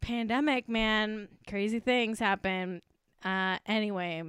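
A woman hosting a casual podcast, ranting in a profane, excitable and mock-outraged way. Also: medium pitch, takes it slowly, smooth, no room sound, clean studio sound. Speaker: podcast host.

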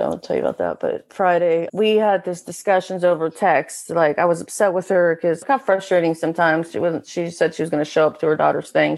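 A middle-aged woman telling a painful personal story as a guest, candid and emotional, often halting. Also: a little high, vocal fry.

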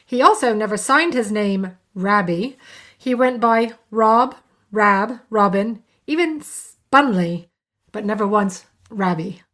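A woman's voice: mid-range voice, slow, pushed and bright. A woman co-hosting a scripted book podcast, teasing her partner in a dry way. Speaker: podcast co-host.

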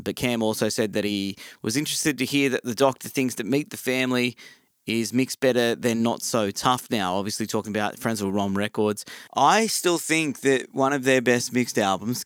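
A man's voice: medium pitch, normal speed, smooth, no echo, studio quality. A man with an Australian accent hosting a podcast, chatting casually with lots of ums. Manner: chatty, relaxed, many ums. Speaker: podcast host.

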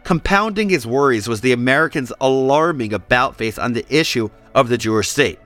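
Male podcast host, mid-pitched, scripted history narration with jokey asides; faint music bed underneath. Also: lively intonation, a little fast, fairly bright tone. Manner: playful asides between serious narration.

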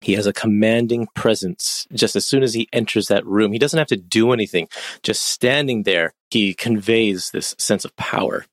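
Male podcast co-host, low and matter-of-fact, dry close mic. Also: normal speed, no room sound. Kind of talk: casual film discussion.

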